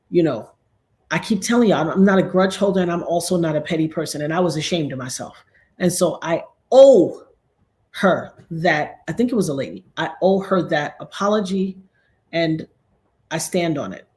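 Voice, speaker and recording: A middle-aged woman with a fairly low voice chats casually on her livestream through a computer microphone. She talks earnestly and preachily, and every so often she jumps up into sudden high exclamations. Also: darkish tone. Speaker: livestream host.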